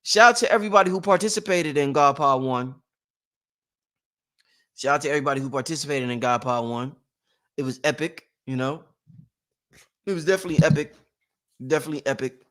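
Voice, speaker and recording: A man hosting a casual motivational livestream, rambling and repetitive, with slang and shout-outs to his viewers. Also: on the high side, fast, pauses often. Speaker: livestream host.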